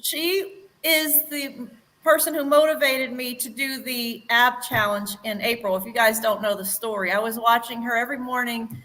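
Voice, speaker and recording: Bubbly, bright-voiced woman on a livestream. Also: on the high side, fairly even intonation, normal speed, rough recording. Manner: bubbly, emotional, laughs often. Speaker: livestream co-host. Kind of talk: casual livestream chat.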